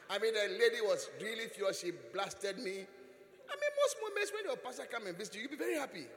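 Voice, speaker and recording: Bishop, high-pitched, swooping delivery, chuckling storyteller, long church-hall reverb. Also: male voice, normal speed, pauses often, a little hiss or hum. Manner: animated storytelling, chuckling often. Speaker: bishop preaching. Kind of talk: sermon.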